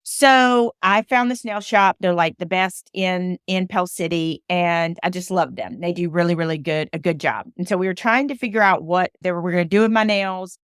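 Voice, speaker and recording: A woman from Alabama speaks as a motivational storyteller in a somewhat low voice. She presses her points by repeating short phrases. The sound is dry and close. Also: moderate pace, hardly any pauses, clean tone, no echo. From Alabama, USA. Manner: emphatic, repeats phrases for emphasis. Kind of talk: personal storytelling monologue.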